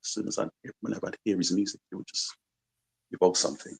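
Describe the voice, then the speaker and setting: A man's voice: low voice, fast, gravelly, husky, rough recording. A man from London with a slight American twang in his accent, a musician guest chatting reflectively in a radio interview, rambling with lots of "you know" and "like". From London, England. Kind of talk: casual radio interview chat.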